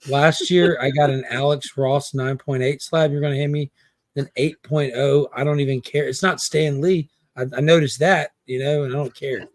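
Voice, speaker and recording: A man chats on a livestream and tells a con story with lively energy, slipping into voices for the people he quotes. His voice sits a little high for a man. The sound is close and dry, with no room around it. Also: moderate pace, no echo. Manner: animated, acts out quotes, haggling banter. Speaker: comic collector guest. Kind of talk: casual storytelling chat.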